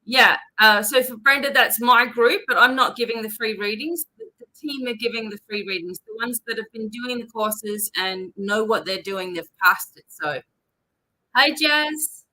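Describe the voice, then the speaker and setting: A woman's voice: fairly high pitch, normal speed, bright, forceful tone, poor audio. An Australian woman hosting a live psychic-reading stream, chatting casually and reading out viewers' names and places.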